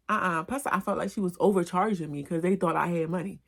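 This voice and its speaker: A woman telling an animated, profane storytime in slangy casual speech. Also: fairly low pitch, fast, creaky. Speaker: vlogger. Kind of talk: storytime vlog.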